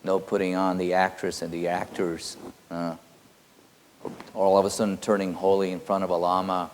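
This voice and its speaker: A man giving a spiritual teaching, halting with many fillers and quietly intense. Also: low voice, level tone, a little hiss or hum. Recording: long hall reverb.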